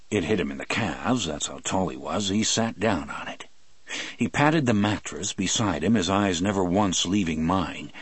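A man reading a novel aloud in the first person, expressive and shifting between slow and quick delivery. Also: low voice, slightly rough, no room sound. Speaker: audiobook narrator.

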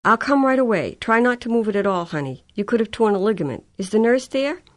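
A woman's voice: fairly high pitch, expressive, quick pace, no echo, pitched above the performer's own voice, lightly acted. A woman reading an audiobook voices a sleepy, fretful mother with rising, anxious questions. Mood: alarmed.

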